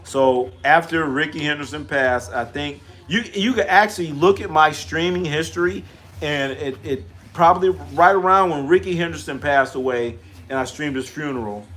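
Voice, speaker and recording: A man's voice: a little high, normal speed, a bit bright. A middle-aged man hosting a casual live stream, trash-talking, repeating himself and answering chat questions aloud.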